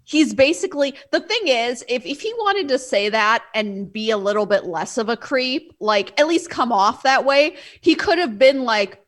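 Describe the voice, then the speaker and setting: A woman co-hosting a podcast in casual chat, animated and full of "like" fillers. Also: on the high side, normal speed, hardly any pauses. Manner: animated, often acts out quotes, many "like" fillers. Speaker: podcast co-host.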